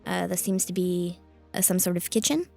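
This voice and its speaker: A woman's voice: lowish voice, expressive, normal speed, creaky, dark tone, faint music behind. A woman narrating as game master in a tabletop game, describing scenes hesitantly with many fillers.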